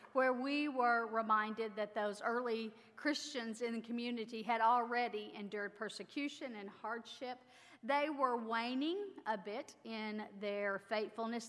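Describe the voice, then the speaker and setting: A woman pastor giving a sermon, speaking in a measured, reflective storytelling manner. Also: a little high, a bit bright, in a large hall.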